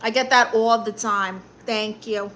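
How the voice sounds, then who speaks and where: Eating as she talks, a Brooklyn-accented woman plays a comedic aunt on a casual live stream, trading sassy replies with her chat. She speaks at a measured pace in a slightly high, bright voice with fairly even intonation, over a faint hiss or hum.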